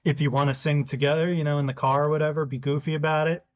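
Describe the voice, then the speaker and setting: A man co-hosting a podcast with a deep, slightly smoky voice, talking in a relaxed, conversational way. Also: quick pace, muffled recording. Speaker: podcast co-host. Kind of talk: casual chat.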